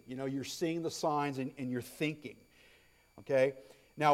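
A male pastor preaching a sermon, emphatic, stressing points through repetition and swinging from loud declarations to hushed asides. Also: on the high side. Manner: repeats phrases for stress.

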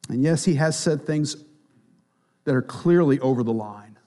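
A man preaching a sermon, swinging between quiet, near-whispered lines and loud, emphatic passages. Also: medium pitch, animated, moderate pace.

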